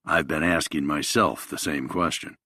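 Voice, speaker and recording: A man voicing a tense, guarded grown man on the run, speaking quietly. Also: very deep voice, steady tone, normal speed, husky, no echo, exaggerated voice.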